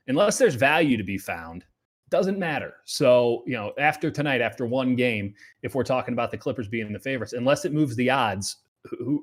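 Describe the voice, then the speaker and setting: A man hosting a sports betting show, talking casually and loosely, often dropping into quiet asides. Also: medium pitch.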